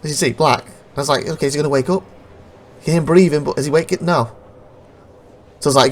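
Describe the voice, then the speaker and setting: A man with a fairly high voice talks fast but leaves long pauses as he casually comments over recorded gameplay. He rambles, interrupts himself to restart sentences, and laughs whenever the game glitches.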